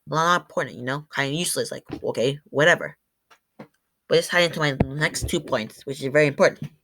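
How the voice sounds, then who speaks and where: This student presenter is a woman whose voice is low-pitched with a fairly bright tone. Addressing a class, she stumbles, corrects herself, and demonstrates sounds by reading sample words aloud.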